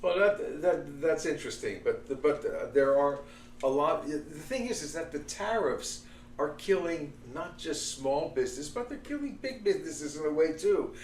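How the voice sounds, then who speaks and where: A man's voice: on the high side, expressive, moderate pace, roomy sound, distant mic, a little hiss or hum. A man co-hosting a podcast, voicing strong opinions and stumbling over repeated words. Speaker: podcast co-host. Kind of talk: casual political chat.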